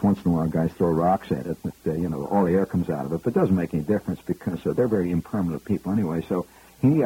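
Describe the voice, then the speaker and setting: Husky low-voiced man spinning a comic yarn. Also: mellow, no room sound, low-quality recording. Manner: rambling, digressive, wry. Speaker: radio monologist. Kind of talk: comic storytelling monologue.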